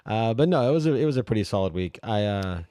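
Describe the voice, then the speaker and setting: A man's voice: animated, fast talker, warm tone. A man hosting a podcast, chatting casually and easygoing, laughing often. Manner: laughing, easygoing, bouncy pitch. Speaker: host.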